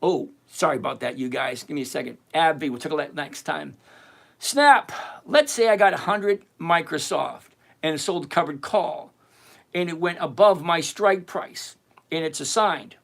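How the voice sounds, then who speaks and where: A man's voice: fairly high pitch, normal speed, vocal fry. A man hosting a livestream on trading, answering viewers' chat questions in a casual, teasing, emphatic way. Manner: animated, teasing, emphatic with repetition.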